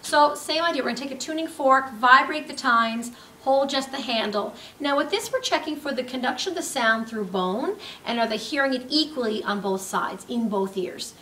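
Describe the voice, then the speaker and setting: Female instructor, slightly high voice, step-by-step demo, recorded from a distance in a roomy space with faint background hum. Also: moderate pace, hardly any pauses, bright, forceful tone. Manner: explanatory, step-by-step, with frequent ums. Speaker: nursing instructor. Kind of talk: clinical skills demonstration.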